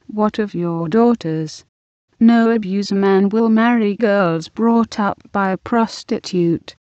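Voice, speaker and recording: A woman voicing a stern, worried senior wife, reading slowly in a dull, dry recording. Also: mid-range voice, darkish tone, dry recording, lightly acted. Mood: scolding.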